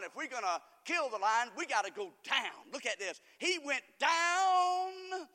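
A man pastor preaching a sermon. He breaks into sudden shouts and calls on the congregation to answer. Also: high voice, long reverb tail.

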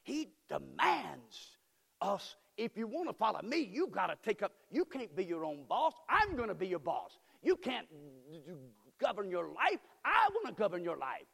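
A man preaching a sermon as pastor, moving from quiet storytelling to shouted, impassioned praise. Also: sits high, huge pitch swings, moderate pace, gravelly, breathy edge. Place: church sanctuary. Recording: church hall with long reverb.

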